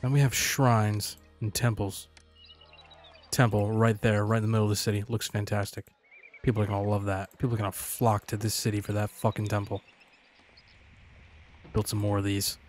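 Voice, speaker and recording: A man's voice: on the low side, darkish tone. A man rambles through a city-building game in casual commentary, swearing freely and heckling the little townsfolk. His tone is sarcastic and loose. Faint game music plays underneath. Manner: profane, sarcastic, talks to game characters. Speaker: gaming channel host.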